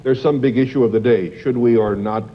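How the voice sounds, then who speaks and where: A man's voice: mid-range voice, steady tone, a little fast. A man in his sixties hosting a TV talk show, chatting genially with his guests. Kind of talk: casual talk-show chat. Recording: dull 1980s TV studio audio.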